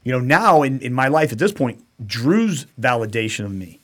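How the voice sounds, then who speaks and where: A man's voice: mid-range voice, big pitch swings, normal speed, fairly bright tone. A middle-aged man hosting a casual podcast chat, blunt and profane, often slipping into quoted voices of other people. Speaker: podcast host.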